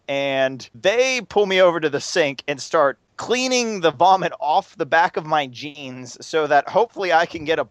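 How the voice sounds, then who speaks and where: A man's voice: a little high, fairly bright tone, no room sound. Rambling man telling a crude drunk story. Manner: rambling, laughing at his own story. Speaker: podcast host. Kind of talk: vulgar storytelling between drinking shots.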